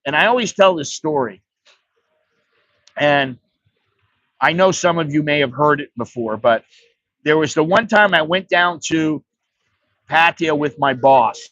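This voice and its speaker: A man's voice: fairly high pitch, expressive, unhurried, pauses often, a bit bright, dry recording, highs cut off. An American man giving blunt, profane, rambling advice on a casual livestream. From United States. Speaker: vlogger.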